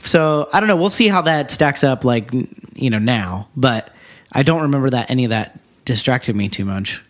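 Male podcast co-host, mid pitch, laid-back movie recap, laughs easily and swears now and then. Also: lively intonation, moderate pace. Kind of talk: casual movie recap chat.

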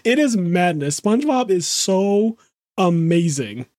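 A man chatting casually and excitedly, swearing freely and laughing often. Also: high voice, measured pace, dry recording, clean studio sound. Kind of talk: casual podcast chat.

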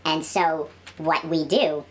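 A woman chatting casually in a studio, telling animated stories and trailing off into quiet mumbled asides. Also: low-pitched, takes it slowly, a little hiss or hum. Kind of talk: casual chat.

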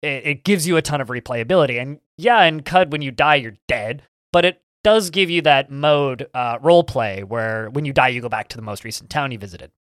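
A man's voice: medium pitch, fairly quick, hardly any pauses, fairly bright tone, no room sound, studio quality. A man co-hosting a podcast, chatting casually and enthusiastically about video games, rambling with frequent stammered restarts. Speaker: podcast co-host.

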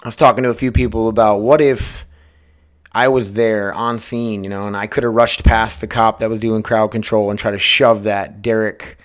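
A man with a fairly low voice hosts a solo podcast from home. He rambles bluntly, swears freely and gets heated as he talks. The delivery is loose and conversational, like off-the-cuff chat. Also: flat delivery, moderate pace. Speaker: podcast host. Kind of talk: casual solo podcast monologue. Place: at home with a dog nearby.

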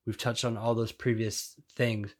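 A man in his thirties co-hosting a relaxed podcast, his voice sitting a little low. He talks in a casual, joking way, chatting with his co-host. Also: unhurried. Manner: joking, conversational. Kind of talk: casual chat.

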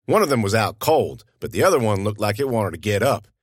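A man's voice: lowish voice, sing-song, a little fast, no echo, clean studio sound. A man narrating an audiobook in a folksy, conversational storytelling manner.

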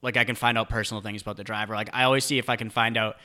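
Young podcast guy, really bright voice, rambly, stumbles on words, swears a lot. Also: fairly low pitch, level tone, racing. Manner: rambling, profane, trips over his words. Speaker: podcast co-host. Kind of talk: casual chat.

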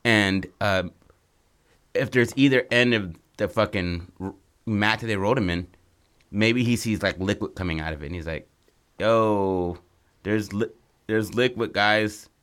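A man's voice: on the low side, moderate pace, fairly bright tone. A young man co-hosting, brainstorming a movie plot in casual, rambling chat full of crude slang. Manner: laid-back, rambling storytelling with crude slang. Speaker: co-host brainstorming a story.

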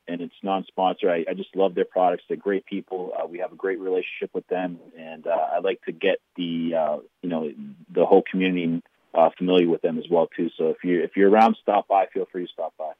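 A man's voice: low voice, flat delivery, a little fast, no room sound, phone-quality sound. A man with a thick Boston accent, a lawn care business owner chatting eagerly as a guest in an interview. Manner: friendly, eager, with frequent restarts. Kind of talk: casual interview chat.

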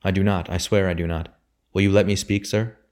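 A man's voice: deep voice, steady tone, fairly quick, a little mellow, lightly acted. A man voicing a dutiful young son who speaks formally and respectfully yet holds firm. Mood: earnest. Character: earnest dutiful young son, humble but steadfast.

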